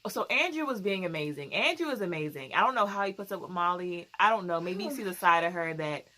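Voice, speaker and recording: A young woman hosting a casual TV recap, animated and quick to laugh as she acts out scenes. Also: on the low side. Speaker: recap show host.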